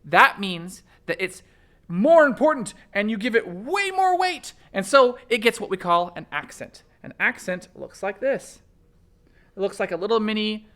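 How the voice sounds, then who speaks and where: Energetic male music teacher for kids. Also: high voice. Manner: energetic, chanting rhythm syllables and counting. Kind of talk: upbeat kids' music lesson.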